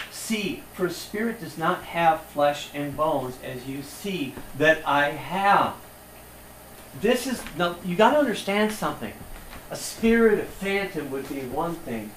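A male preacher delivers an impassioned sermon, moving between hushed, reflective passages and forceful, rising peaks. His voice sits a little higher than average. He is recorded from some distance in a reverberant room, with faint ambient noise behind him. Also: animated, a little slow. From United States. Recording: echoey room from far off.

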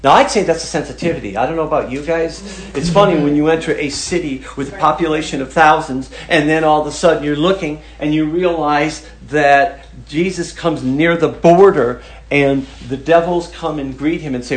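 A man's voice: fairly high pitch, normal speed. Man preaching in a conversational sermon. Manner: conversational, emphatic, shifts between loud and hushed.

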